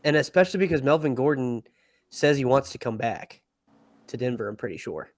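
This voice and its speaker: A man's voice: mid-range voice, animated, brisk, no echo. Blunt co-host man, dry close sound. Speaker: podcast co-host. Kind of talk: casual fantasy football chat.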